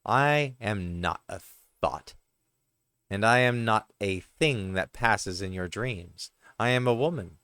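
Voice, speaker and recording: A man's voice: lowish voice, animated, takes it slowly, fairly bright tone, clear, resonant tone, dry recording, clean studio sound. A man reading aloud the lines of a proud, indignant woman, firm and direct. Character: proud woman spurning her lover.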